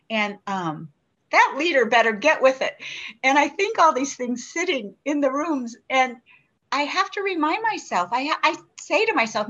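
A woman in her sixties speaks reflectively about her own recovery, restarting often and asking herself questions. Her voice sits fairly high. The recording is muffled and lo-fi. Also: very animated, normal speed, fairly bright tone. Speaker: member sharing at a recovery meeting. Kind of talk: personal recovery share. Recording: dull lo-fi recording.

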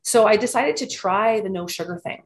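A woman's voice: medium pitch, normal speed. A woman in her thirties, telling her recovery story in an earnest, reflective way, often restarting her sentences. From Canada. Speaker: recovery program member sharing her story. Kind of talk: personal recovery testimony.

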